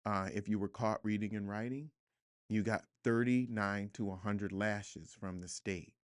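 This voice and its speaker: A man's voice: on the low side, fairly even intonation, measured pace, no echo. A man speaking as a guest author in a studio interview, earnest and reflective, building to emphatic points. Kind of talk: podcast interview conversation.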